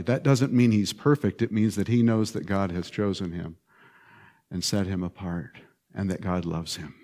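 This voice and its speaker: A male pastor preaching a sermon in an animated, emphatic way, swinging between loud stresses and hushed lines and repeating short phrases. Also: on the low side, moderate pace.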